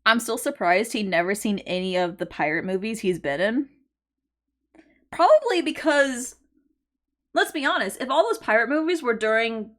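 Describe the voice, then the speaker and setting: List: young woman, live streamer, excitable, swears often, lively swooping pitch. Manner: excitable, swears a lot, talks to chat. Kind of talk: casual live-stream reaction commentary.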